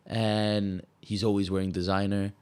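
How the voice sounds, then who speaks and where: A man's voice: on the low side, flat delivery, unhurried, a little mellow, clear, resonant tone. A young man from Malta co-hosting a casual podcast, ranting in a heated, swearing, rambling way. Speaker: podcast co-host. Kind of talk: casual chat.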